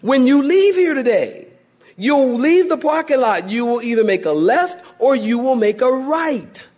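A man preaching from the pulpit in a high voice that climbs and dips all over the place. He jokes with the listeners and acts out quoted voices as he goes. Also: unhurried. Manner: animated preaching with joking asides and voiced quotes. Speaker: pastor. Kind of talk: sermon.

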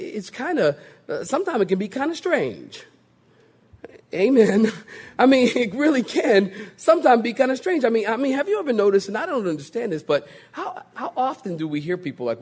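A male pastor with a high, slightly breathy voice delivers a sermon, joking around and slipping into mock voices to drive his point home. He's animated and humorous, imitating others for laughs.

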